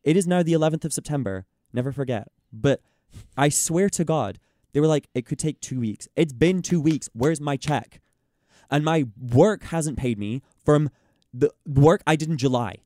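A young man in casual chat, ranting in an exasperated, animated way and mimicking the people he quotes. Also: fairly high pitch, normal speed, no echo, studio quality. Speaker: podcast host.

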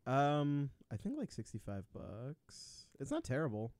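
A man's voice: mid-range voice, wildly swooping pitch, a little slow, darkish tone, no echo. A young man co-hosting a student radio show, chatting casually in a laid-back, joking way. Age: young adult. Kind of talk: casual chat.

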